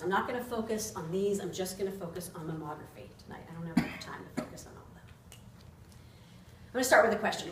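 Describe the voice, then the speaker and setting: A woman in her forties giving an earnest, personal persuasive speech to a meeting. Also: mid-range voice. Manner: earnest, personal, laughs at herself. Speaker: club speaker. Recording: roomy, distant mic, faint noise.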